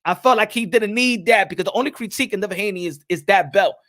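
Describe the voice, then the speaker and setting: A man hosting a boxing talk show, chatting to viewers with hyped, drawn-out emphasis. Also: sits high, a bit bright. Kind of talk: animated boxing commentary chat.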